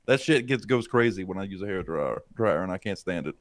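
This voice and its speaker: A man's voice: sits low, animated, fairly quick, dry recording. A man co-hosting a live show, rambling casually with heavy swearing. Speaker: podcast co-host. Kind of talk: casual livestream chat.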